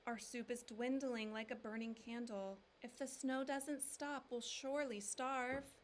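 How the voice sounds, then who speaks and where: A woman's voice: a little high, fairly even intonation, unhurried, a little hiss or hum, voice pushed up, lightly acted. A woman voicing a worried storybook mother.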